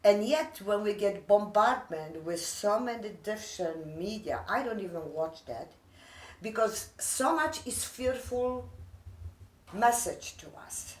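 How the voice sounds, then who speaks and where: A woman's voice: mid-range voice, animated, takes it slowly. Earnest older immigrant woman, echoey. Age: 60s. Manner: earnest, broken English, heartfelt. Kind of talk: emotional personal talk. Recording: echoey room, mic far off.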